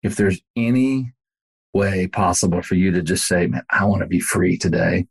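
A man's voice: sits low, flat delivery, fairly quick, creaky, husky. A man, a pastor and podcast guest, telling a story in casual conversation and speaking earnestly and directly to the listener.

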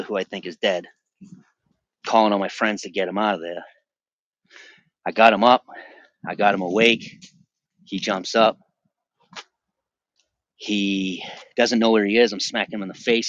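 A man's voice: fairly low pitch, no room sound, dull audio. A man in his forties from the Boston area, a podcast guest telling his personal testimony in an intense, emphatic way with frequent restarts. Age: 40s.

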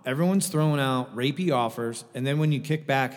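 A man's voice: medium pitch, a little fast, few pauses, big-room sound. A man co-hosting a fantasy football podcast, ranting with a lot of profanity in casual chat. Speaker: podcast co-host.

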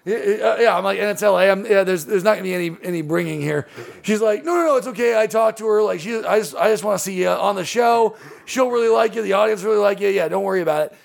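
Comedian man, gravelly raised voice, animated storyteller. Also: high voice. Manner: animated, swearing, quick asides. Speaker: comedian guest. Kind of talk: casual podcast storytelling.

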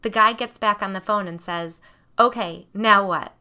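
A woman voicing a cheeky young girl who tells dark jokes with impish delight in an audiobook. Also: medium pitch, moderate pace, clean tone. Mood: gleeful.

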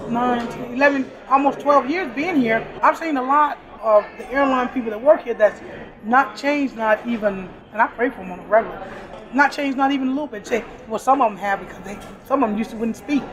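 A woman's voice: on the high side, brisk. Brief: cheerful middle-aged woman, chatty and preachy, crowd chatter all around. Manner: warm, upbeat, laughs often, preachy asides. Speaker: airport store worker. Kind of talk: casual interview. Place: busy airport store. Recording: crowded airport background.

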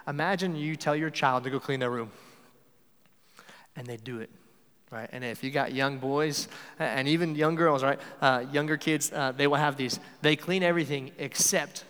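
A man's voice: medium pitch, fairly even intonation, normal speed, a bit bright, clean tone, big-room sound. A man preaching a sermon in a conversational way, often acting out the lines he quotes.

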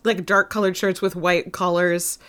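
A woman's voice: lowish voice, level tone, moderate pace, a bit bright. A woman co-hosting a podcast in casual chat, making wry jokes and laughing often. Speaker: podcast co-host.

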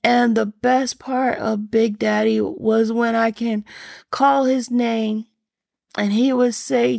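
Woman, middle-aged, faith testimony, gravelly, higher voice, dry close sound, earnest, rambling. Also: level tone, takes it slowly, a little mellow, dry recording. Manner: earnest, rambling, full of fillers. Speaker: speaker sharing faith testimony.

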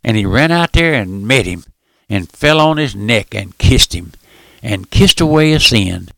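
Older man, radio preacher, gravelly voice, dry close sound, folksy and fervent. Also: on the low side, lively intonation, measured pace, no room sound. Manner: impassioned, folksy, calls out "my friend", surges loud then drops soft.

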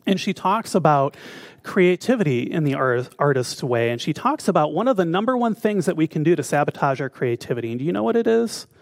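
A man's voice: fairly high pitch, big pitch swings, fairly quick, vocal fry, no echo, studio quality. A man giving a conversational spiritual talk as a minister, often putting questions to his listeners. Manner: conversational, asks the audience questions.

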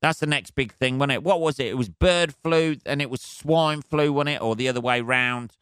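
A man's voice: medium pitch, moderate pace, fairly bright tone, clear, resonant tone, dry recording, studio quality. Sweary rambling man ranting. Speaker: podcast host. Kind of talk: solo comedic rant.

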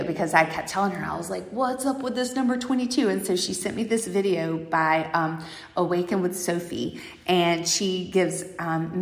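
This female podcast host has a lowish, slightly bright voice recorded with no echo. Speaking solo, she pours out heartfelt, spiritual, gushing words, thanking people often and leaning on "like" as a filler.

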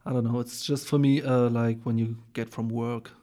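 Flat-voiced man. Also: medium pitch, normal speed. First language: German. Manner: relaxed, hesitant, many fillers and soft laughs. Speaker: guest, English learner. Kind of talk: casual interview.

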